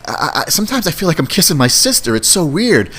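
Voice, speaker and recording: A man's voice: a little high, sing-song, quick pace, a bit bright, voice pushed up. A man voicing an awkward, sheepish young husband confiding in a friend.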